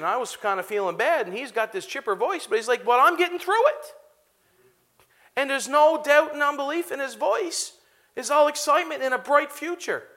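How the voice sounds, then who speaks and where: A man in his thirties preaching a sermon to a live congregation, animated and often laughing as he talks to them directly. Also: high-pitched. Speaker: pastor.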